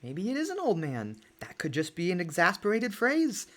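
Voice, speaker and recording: A streamer chatting through a live game stream, moving between excited exclamations and mumbled asides. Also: medium pitch, normal speed. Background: faint lo-fi music.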